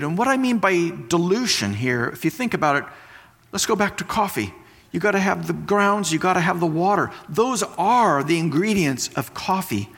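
A man preaching with a lively, rising and falling voice, his sentences ringing out in a long hall reverb. He explains slowly, then repeats key phrases for weight, using everyday comparisons to teach his congregation. His voice sits fairly high for a man. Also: slightly rough. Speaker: pastor. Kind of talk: sermon.

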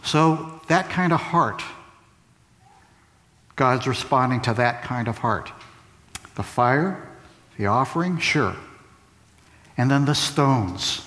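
A man's voice: medium pitch, expressive, slow, long pauses, fairly bright tone. A man preaching a sermon, asking rhetorical questions and repeating key phrases for emphasis. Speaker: pastor. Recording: long reverb of a large hall.

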